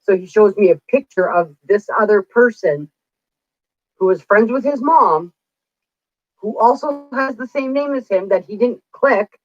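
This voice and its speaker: A woman's voice: mid-range voice, a little slow, no echo. A woman in her forties, a psychic streamer, telling stories in a chatty, rambling way and acting out what people said. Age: 40s. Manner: chatty, rambling, acts out quoted dialogue. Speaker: psychic livestreamer. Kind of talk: casual livestream storytelling. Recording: dull lo-fi dry sound.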